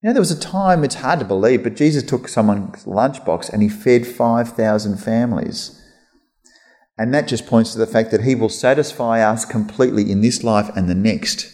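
A man preaching a conversational sermon as pastor, lively and chatty, slipping into mock voices. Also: mid-range voice, moderate pace. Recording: long hall reverb.

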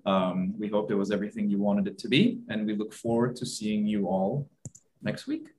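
A young man from Turkey co-hosts a casual podcast over a video call. His voice sits a little low, and he talks eagerly in rambling bursts, restarting his sentences. A faint hiss runs under the call audio. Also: steady tone, brisk, darkish tone. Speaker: podcast co-host.

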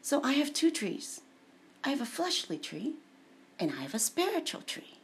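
A woman's voice: high voice, sing-song, normal speed. A woman talking about her faith in an emotional, personal monologue, often dropping into tearful whispers.

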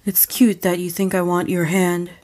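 A woman's voice: fairly low pitch, flat delivery, normal speed, darkish tone, close to an everyday voice. A woman voicing a curt, commanding man. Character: dominant commanding young man.

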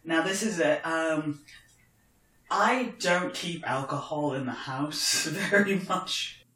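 A man's voice: on the high side, takes it slowly, bright, forceful tone. A man with a posh London accent and northern tweaks, chatting wryly as a podcast co-host at home. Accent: posh London English with northern tweaks. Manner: chatty, wry and joking. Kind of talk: casual chat over wine. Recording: roomy echo.

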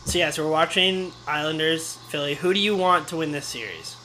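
A man's voice: fairly high pitch, fairly even intonation, a little fast, bright, forceful tone, a little hiss or hum, poor audio. A young man co-hosting a podcast, dry and teasing in a casual sports chat. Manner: dry, teasing, matter-of-fact. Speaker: podcast co-host.

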